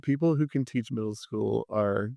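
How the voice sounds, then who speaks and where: A man who teaches theater, talking as a podcast guest and telling animated stories in which he acts out the people he quotes. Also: lowish voice, moderate pace, gravelly, no echo, clean studio sound. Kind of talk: casual storytelling conversation.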